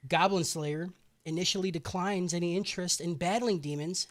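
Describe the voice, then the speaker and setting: A man's voice: sits high, fairly even intonation, moderate pace. A man co-hosting a podcast, recapping an anime in a casual, profane, sarcastic way. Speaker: podcast co-host recapping episodes.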